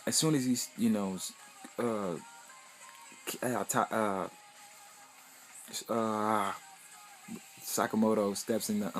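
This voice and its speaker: A man's voice: lowish voice, a little mellow. A young man casually recapping an anime episode in a loose, rambling, profane way, full of "you know" fillers.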